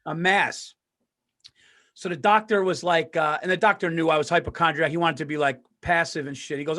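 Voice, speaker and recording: A man with a high-pitched voice tells a story on a podcast in a loud, animated way. He swears oaths that it is true and acts out the people in it. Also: a little fast. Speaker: podcast co-host. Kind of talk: casual storytelling.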